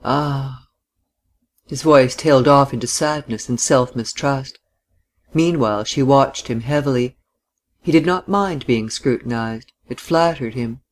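A man reading a novel aloud as an audiobook narrator, measured and even. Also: medium pitch. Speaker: audiobook reader.

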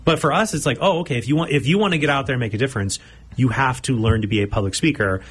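A man who is a guest, earnestly recounting his past in a relaxed chat. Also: medium pitch, rapid-fire, slight background noise. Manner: reflective storytelling, earnest. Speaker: guest speaker. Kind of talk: casual chat.

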